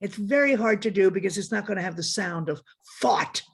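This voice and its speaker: A woman's voice: medium pitch, a little fast, a little hiss or hum. A woman guest critic in a conversational academic discussion, frank and digressive, often correcting herself as she talks over a video call.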